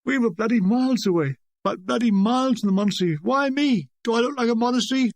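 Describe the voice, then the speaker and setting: A man's voice: very high voice, quick pace, voice pushed up. A man voicing a shaken young bombardier who talks in a tense, plaintive rush. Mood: aggrieved.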